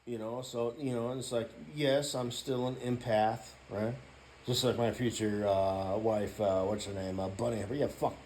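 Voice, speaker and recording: A man ranting in a casual vlog, rambling and profane, filling every gap with "you know" and now and then breaking into loud shouting. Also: medium pitch, fairly even intonation, normal speed, a little hiss or hum. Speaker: YouTuber.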